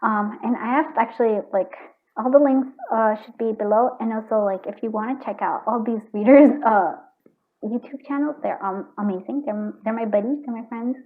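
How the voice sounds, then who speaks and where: A woman doing a casual tarot card reading, chatty and earnest, thinking aloud and restarting her sentences. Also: mid-range voice. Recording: tinny phone-like sound.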